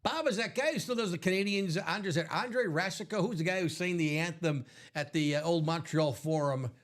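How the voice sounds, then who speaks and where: A man's voice: fairly high pitch, brisk. A man co-hosting a live sports card break, chatting and rambling through sports tangents. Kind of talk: casual live-stream banter.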